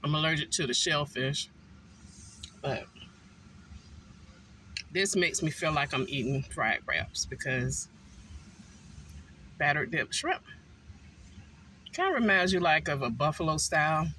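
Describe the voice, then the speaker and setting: A man eating a meal in a car and chatting casually to his viewers, unhurried and full of ums. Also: on the high side, big pitch swings, sharp tone, slight background noise, low-quality recording. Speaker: food vlogger. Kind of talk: casual mukbang chat.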